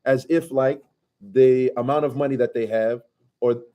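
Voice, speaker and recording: A man's voice: medium pitch, fairly even intonation, a little slow, warm tone. A man teaching a conversational scripture commentary class, casually asking his students questions and reciting Arabic passages.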